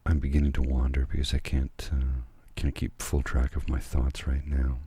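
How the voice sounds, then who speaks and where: Very low, husky soft-spoken man. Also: monotone, no room sound. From Canada. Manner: halting, rambling, frequent fillers and restarts. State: tired. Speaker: ASMR channel host. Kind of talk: soft-spoken ASMR personal talk.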